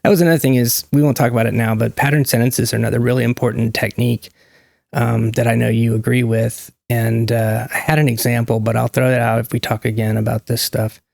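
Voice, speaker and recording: A man with a gravelly edge talks in a casual, unscripted monologue, wandering off track, joking and catching himself mid-sentence. His voice sits at an ordinary middle pitch. The sound is dry and close, with no room echo. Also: flat delivery, brisk, a little mellow. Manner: rambling, self-interrupting, joking asides. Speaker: channel host.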